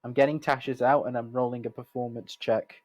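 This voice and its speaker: A man's voice: medium pitch, flat delivery, a little fast. A man playing a tabletop game, chatting casually and explaining his character's rules. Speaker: player.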